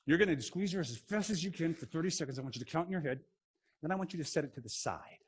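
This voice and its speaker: A man teaching a playful science demo for kids, goofy and excitable, joking as he goes. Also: fairly high pitch, racing, husky.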